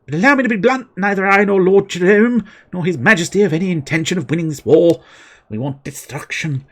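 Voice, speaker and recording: A man's voice: high voice, brisk, voice pushed up. A man voicing a stern male war commander from a video game, reading the lines in a grand, declamatory way. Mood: menacing.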